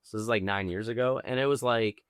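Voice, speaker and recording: A man's voice: lowish voice, fast talker, clean tone, dry recording, clean studio sound. A man co-hosting a podcast, telling a rambling anecdote full of likes and I-don't-knows. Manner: rambling storyteller, lots of like and I don't know. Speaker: podcast co-host. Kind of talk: casual chat.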